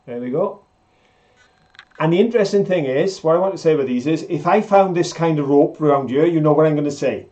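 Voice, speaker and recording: This live-stream co-host speaks briskly in a fairly high but dark-toned voice. He's chatty, jokey and enthusiastic throughout the casual conversation, and the audio sounds a bit dull and lo-fi.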